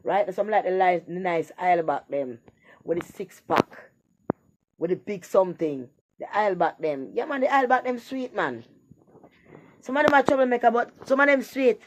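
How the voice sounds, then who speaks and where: A woman's voice: mid-range voice, lively intonation, normal speed, slight background noise. A woman talking bluntly in a rambling, profane casual monologue.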